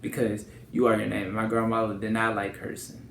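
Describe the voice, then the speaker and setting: A man's voice: fairly low pitch, completely flat delivery, fairly quick, creaky, a bit bright, roomy sound, a little hiss or hum. A young man from Louisiana with a country accent, telling stories to camera in a loose, rambling way. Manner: loose, rambling, repeats "and stuff". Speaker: vlogger. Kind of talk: casual storytelling to camera.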